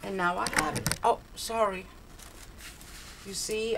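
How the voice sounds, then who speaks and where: A woman's voice: mid-range voice, measured pace, gravelly, background noise. An older woman opening a craft swap package on her video blog, gushing and exclaiming over each tiny item. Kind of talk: casual unboxing chat. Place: cold home, heater on.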